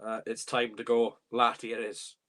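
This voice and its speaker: A man's voice: mid-range voice, monotone, moderate pace, a bit bright. A young man hosting a live fan reaction stream, ranting bluntly and swearing in exasperation. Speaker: fan channel host.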